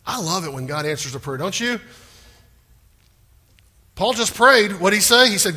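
Man preaching, bright tense tone, slightly husky, big hall reverb, animated. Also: high voice, moderate pace, long pauses. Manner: animated preaching, acting out prayers in rising voice. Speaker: pastor. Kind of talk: sermon.

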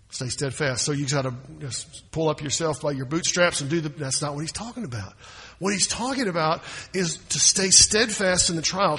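Male pastor, husky and a touch high, emphatic sermon delivery, reverberant church hall. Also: fairly bright tone. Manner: emphatic, repeats key phrases.

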